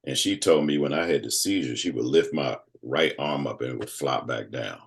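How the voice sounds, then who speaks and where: A man in his fifties, a guest telling a personal story in casual conversation, animated and acting out other people's voices. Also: a bass voice, moderate pace, gravelly. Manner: animated storyteller who acts out quoted voices.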